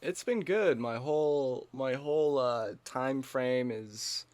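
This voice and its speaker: A man's voice: mid-range voice, slow, a little mellow. Man, podcast co-host, casual chat, riffing jokes, laughs a lot. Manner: joking, riffing, laughs often.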